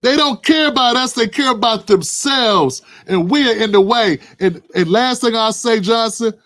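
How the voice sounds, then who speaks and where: Guy ranting politics in a high voice, fiery, preachy, lots of who-and-why questions. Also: normal speed, fairly bright tone. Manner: addresses a co-host by name. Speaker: political commentary host. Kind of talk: impassioned political commentary.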